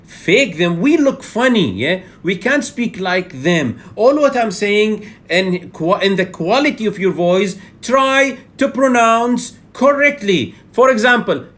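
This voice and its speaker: A man's voice: sits high, takes it slowly, few pauses. A man from Bahrain with a Bahraini accent, teaching public speaking in a lecture and checking in with listeners by often saying "yeah". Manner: animated, repeats "yeah" as a check-in, with frequent fillers.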